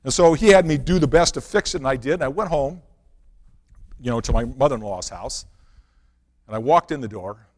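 A male pastor preaching a sermon built around a personal story, swinging from loud, animated passages to hushed, quiet ones. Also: mid-range voice, fairly quick, long pauses. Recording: long reverb of a large hall.

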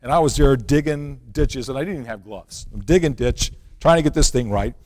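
A male pastor preaching a sermon built around a personal story, swinging from loud, animated passages to hushed, quiet ones. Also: medium pitch, fairly quick. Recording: long reverb of a large hall.

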